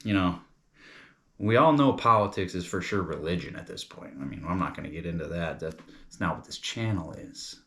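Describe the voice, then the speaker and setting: A man's voice: sits low, expressive, moderate pace, pushed and bright. A young man from New York chatting casually as a comedy reviewer, rambling and loose, calling people bro and dude.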